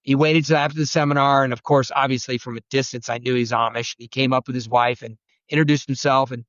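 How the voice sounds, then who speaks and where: A man who is a guest turkey-hunting expert, telling rambling, animated stories and acting out quotes. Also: mid-range voice, fast talker, dry recording, muffled recording. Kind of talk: storytelling conversation.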